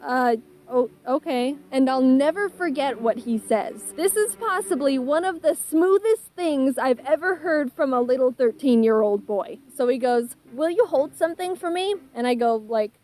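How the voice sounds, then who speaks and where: Mellow-voiced woman telling a storytime. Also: high voice, normal speed, hardly any pauses. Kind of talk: casual storytime.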